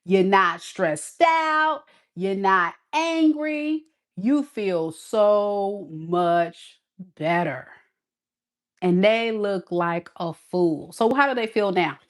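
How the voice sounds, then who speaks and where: A woman reading tarot in a sassy, emphatic way, talking right to the viewer. She takes her time, drawing words out at an unhurried pace. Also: mid-range voice, animated. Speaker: tarot reader.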